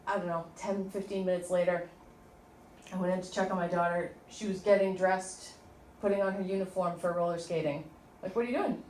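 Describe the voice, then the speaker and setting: A middle-aged woman teaching an informal workshop, chatty and animated as she tells stories to the group. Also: on the low side, fairly quick, slight background noise. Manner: chatty, storytelling, animated asides. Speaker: tapping instructor. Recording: echoey room from a distant mic.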